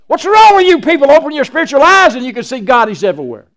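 An older man preaching a sermon in a strikingly high voice. He talks in a folksy, preachy way and slips into the voices of Bible figures as he tells their stories. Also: huge pitch swings, fast talker, a bit bright. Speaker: pastor.

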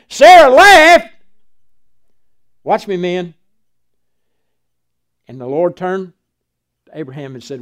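A man's voice: sits high, lively intonation, moderate pace, pauses often, fairly bright tone. An older man, a pastor preaching a folksy sermon and acting out Bible dialogue.

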